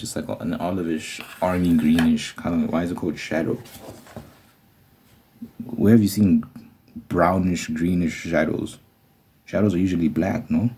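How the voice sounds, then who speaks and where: A man in whispered role-play as an ASMR creator, running a mock eye test and rambling jokily between whispers and soft talk. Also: deep voice, slight background noise.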